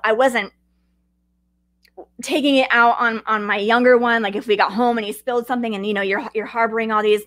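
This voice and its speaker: A woman in her thirties with a fairly high voice, talking animatedly to her podcast listeners. She switches between teaching points and chatty personal stories. The sound is close and dry. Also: fairly bright tone, no room sound. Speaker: podcast host.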